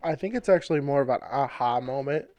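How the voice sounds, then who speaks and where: A man's voice: mid-range voice, quick pace, dry recording. A man taking part in a casual Bible study, speaking animatedly about the story. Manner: animated, acts out scenes in voices.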